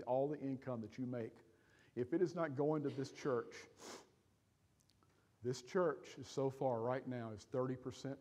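A man preaching a sermon as pastor, emotional and pleading, pushing into loud, emphatic appeals to his congregation. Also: medium pitch, big-room sound. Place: church sanctuary.

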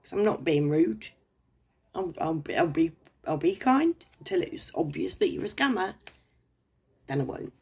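A middle-aged English woman with a low, husky voice rants casually and sarcastically, swearing freely and wandering off on tangents. Her tone is deep and breathy. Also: lively intonation, normal speed, long pauses, a little mellow. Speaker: vlogger. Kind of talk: casual rant to camera.

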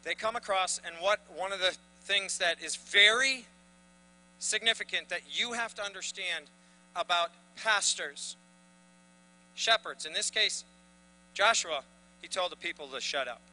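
A man's voice: sits high, measured pace, bright, forceful tone, low-quality recording. A man preaching a sermon to his congregation, building to emphatic bursts. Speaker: pastor.

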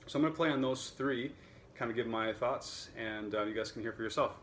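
A man who teaches and sells violins, talking casually to camera in a relaxed, chatty way with plenty of fillers. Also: medium pitch, a little fast, slight background noise. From United States.

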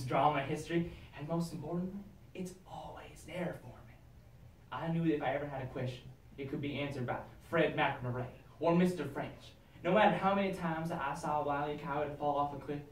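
A young man with a slightly high voice gives a dark dramatic monologue at a speech competition. He drops into hushed, low menace and then bursts into loud shouts. The sound is echoey and comes from well away from the mic. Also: a little hiss or hum. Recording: echoey room, mic at a distance.

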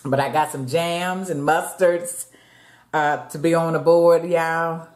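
A woman's voice: low voice, fairly even intonation, slow pace, darkish tone. A woman, chatting casually to her viewers during an eating show and calling them y'all. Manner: chatty, addresses viewers as y'all, eats between lines. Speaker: mukbang vlogger. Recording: echoey room.

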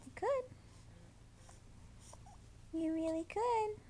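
A woman's voice: extremely high pitch, extremely slow, warm tone, slight background noise. A woman talking to her baby in sing-song, cooing baby talk. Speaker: mother.

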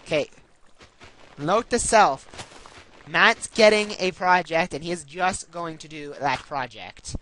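A man casually chatting while playing a block-building game with friends, bossy and joking, with loud excited shouts. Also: a little high, slow pace, slight background noise, poor audio. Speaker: gamer. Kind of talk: casual gameplay chat.

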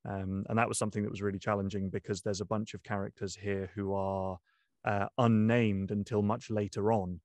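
A young man, an audiobook narrator, talking through his craft in a casual interview, pausing often with ums and restarts. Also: fairly low pitch, little pitch movement, a little mellow, no echo. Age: young adult. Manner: thoughtful, many ums and restarts. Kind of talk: interview guest, casual talk.

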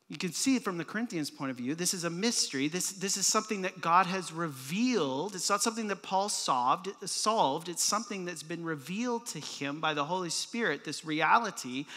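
Man, pastor, casual joking sermon, high bright voice, long church-hall reverb. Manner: casual, joking preacher with quick asides and playful sound effects. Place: church sanctuary.

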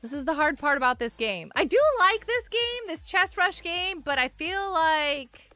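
High, lively-voiced woman streamer. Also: moderate pace, dry recording, faint music behind. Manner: chatty, giggly, greets and thanks viewers. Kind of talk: casual gaming live-stream chatter.

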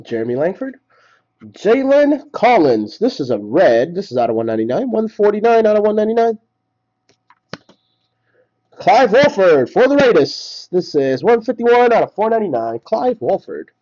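A man hosts a live card break, slowly calling out each card he pulls and lifting his voice at the good ones. His pitch swings widely, with a fairly high voice. The stream audio sounds dull and lo-fi. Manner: rattles off names, excited at big hits. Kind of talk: live card-opening commentary.

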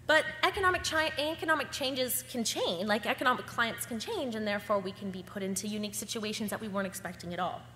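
A woman agency owner giving a lively conference talk, acting out the dialogue she quotes. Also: on the high side, fast, hardly any pauses. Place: conference hall. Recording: echoey hall with faint hum.

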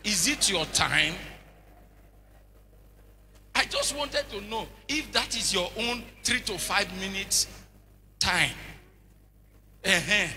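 A man preaching a sermon in an animated, humorous way, full of rhetorical questions and anecdotes. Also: sits high, slow, pauses often. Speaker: bishop, preacher.

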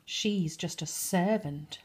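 Storybook wicked stepmother, harsh, scornful, voiced by a woman, lowish, husky. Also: slow, darkish tone. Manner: harsh and sneering. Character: cruel screeching stepmother, middle-aged woman.

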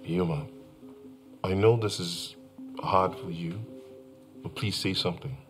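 Pleading middle-aged father, Nigerian accent, very deep voice, music behind. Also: fairly even intonation, unhurried.

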